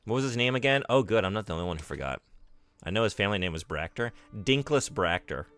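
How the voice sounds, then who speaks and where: Low-voiced man chatting on a game stream. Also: lively intonation, rapid-fire, fairly bright tone, smooth. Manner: chatty, self-deprecating, reads and answers chat. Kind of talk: casual live-stream chat while gaming.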